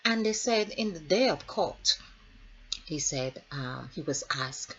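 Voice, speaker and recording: A woman healer gives a spiritual numerology talk, rambling and musing with plenty of storytelling asides. Her voice is husky and slightly low, and it swoops up and down over an unhurried pace. The recording is dull and lo-fi. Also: lively intonation, fairly bright tone.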